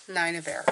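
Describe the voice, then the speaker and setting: A woman reading tarot cards for her viewers, talking earnestly and encouragingly, often checking in with "okay?". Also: noisy background. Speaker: tarot reader.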